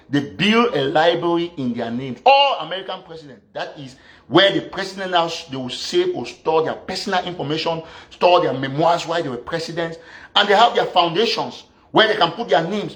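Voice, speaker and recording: High-voiced scolding man. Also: fairly bright tone. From Southern Cameroon. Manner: combative, fires rhetorical questions, scolding. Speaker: activist commentator. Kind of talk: political rant.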